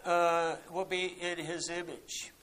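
High, bright-voiced man teaching scripture. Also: little pitch movement, slow, rough recording. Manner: explanatory, often corrects himself mid-sentence. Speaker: congregation Bible teacher. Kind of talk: Bible teaching with audience questions.

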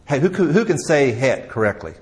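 A man teaching a class in a conversational way, with frequent restarts, questions to the audience, and a voice that drops quietly at the ends of phrases. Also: mid-range voice, big pitch swings, brisk. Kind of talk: classroom lecture.

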